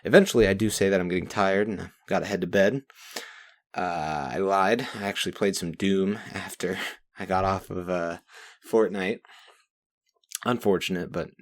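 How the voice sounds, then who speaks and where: A young man with a low-pitched voice, speaking at normal speed, reads from his journal to recap his week as a vlogger. His monologue rambles, swears freely, and keeps veering into rants.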